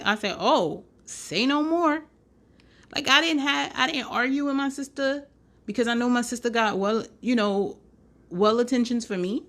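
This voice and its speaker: A young woman hosting a podcast, telling a story in a sassy, animated way with lots of slang and laughter. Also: high voice. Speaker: podcast host. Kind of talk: casual storytelling.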